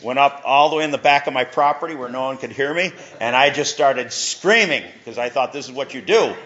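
A man's voice: mid-range voice, brisk, fairly bright tone, dull audio. A middle-aged male pastor giving a conversational sermon, with chuckles and asides.

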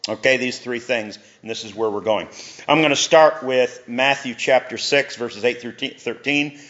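A middle-aged pastor preaches in a relaxed, conversational way, with chuckles and asides. His voice sits at a middle pitch for a man. The recording is dull and lo-fi. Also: moderate pace. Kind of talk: sermon.

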